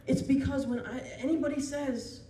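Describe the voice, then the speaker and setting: A man doing live stand-up, telling a story in a rambling, animated way. He often laughs as he talks and breaks off into asides and restarts. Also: very high voice, moderate pace, distant mic. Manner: self-interrupting with restarts and asides. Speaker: stand-up comedian. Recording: roomy venue taped from afar. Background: audience laughter and room noise.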